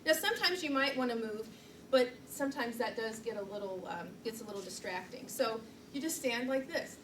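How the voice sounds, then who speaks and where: A woman's voice: a little high, lively intonation, brisk. A middle-aged woman giving a live public speaking training, chatty and self-deprecating, laughing often as she demonstrates poses. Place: meeting room, recorded from the back. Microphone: far camera mic. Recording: roomy, distant and noisy room recording.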